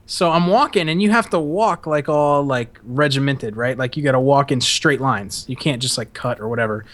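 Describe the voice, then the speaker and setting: A young man hosting a podcast, casually telling a story, swearing often, laughing and acting out shouted quotes. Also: medium pitch, normal speed. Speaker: podcast host.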